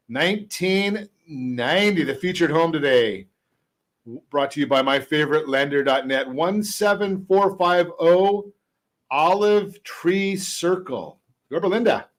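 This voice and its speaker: A man hosting a casual radio talk show on homes and mortgages, chatty and a little halting, with dry asides. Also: fairly high pitch, lively intonation. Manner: chatty, stumbles over words, drops dry jokes. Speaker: radio host and mortgage expert.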